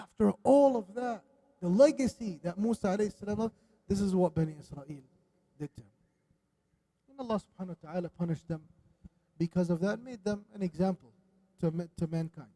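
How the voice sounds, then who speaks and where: A man giving a religious lesson in a mosque, animated and questioning his audience, dropping Arabic religious phrases. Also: sits high, normal speed, pauses often. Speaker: religious teacher. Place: mosque hall.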